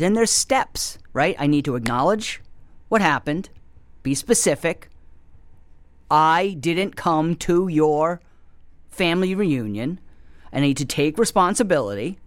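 A man riffs through a comedy monologue as the show's host, wandering from thought to thought and mocking himself. His voice sits slightly higher than most men's. He drops into quick whispered asides, and the sound is close and dry with no room echo. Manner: rambling and self-mocking, with whispered asides and pitch jumps. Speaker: comedy show host taking calls.

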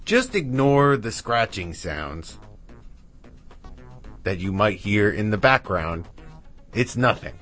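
A man's voice: fairly low pitch, big pitch swings, slow, pauses often, a bit bright. A man hosting a radio music show, back-announcing tracks in a chatty, rambling, self-mocking way with asides to his dog. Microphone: studio mic with headphones.

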